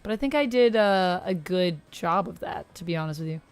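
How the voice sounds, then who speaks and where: A woman's voice: fairly low pitch, fairly quick, clear, resonant tone. A woman streamer chatting casually with her viewers and answering their comments. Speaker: streamer, tarot reader. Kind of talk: casual livestream chat.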